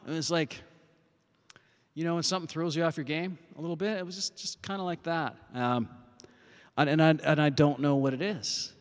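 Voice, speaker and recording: A man hosts a casual music livestream from a parking lot, talking into a phone. His voice sits a little high for a man, and his loose, profane chatter is full of fillers and restarts. He sounds a bit out of breath, and a long reverb trails after his words. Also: normal speed. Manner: rambling, profane, many fillers. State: winded after performing.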